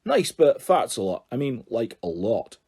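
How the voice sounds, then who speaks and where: A man's voice: medium pitch, very animated, unhurried, mellow, husky, pitched below the performer's own voice, heavily acted. A man voicing a flustered, stammering headteacher who talks in a hurry, in an audiobook. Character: flustered headteacher with a boy inside, hurried. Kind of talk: audiobook character voice.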